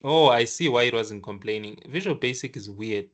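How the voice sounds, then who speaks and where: A man teaching a programming lesson while sharing his screen, speaking casually with frequent restarts and lively acted-out asides. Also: mid-range voice. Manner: casual and animated, acts out the computer scolding in quick asides; halting restarts while thinking aloud. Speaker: programming tutor. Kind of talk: screen-share coding lesson.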